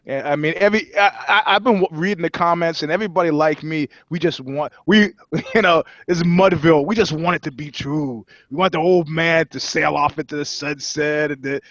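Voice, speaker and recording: A man co-hosts a podcast, joking and excitable, swearing freely and restarting his sentences. His voice is somewhat high. The sound is dry and a little dull, like a remote line. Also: fairly quick, no room sound. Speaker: podcast co-host. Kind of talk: casual chat.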